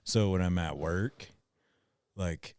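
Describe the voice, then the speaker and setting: Very deep, slow-talking man on podcast. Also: darkish tone, no echo, clean studio sound. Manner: laid-back, swears casually. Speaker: podcast co-host. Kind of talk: casual podcast banter.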